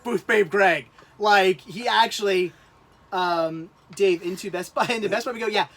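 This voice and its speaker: A man hosting a casual livestream, talking in halting, rambling bursts and laughing often. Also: high-pitched, a bit bright. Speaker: livestream host.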